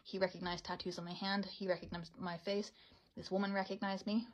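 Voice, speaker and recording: A woman's voice: mid-range voice, brisk, dull audio. A woman in her thirties telling a personal story to camera in a casual, rambling way, often cutting herself off. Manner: excitable, rambling, self-interrupting. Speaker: storytime creator.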